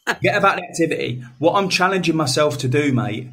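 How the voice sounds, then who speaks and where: A man's voice: a little high, expressive, fast, bright, forceful tone. A man co-hosting a podcast, supportive and sweary, calling his friend "mate" constantly. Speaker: podcast co-host. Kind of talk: casual banter.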